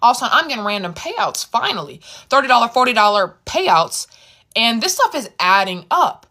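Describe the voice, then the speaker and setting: A woman telling a casual storytime, animated and quick to repeat herself as she retells what people said. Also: fairly high pitch.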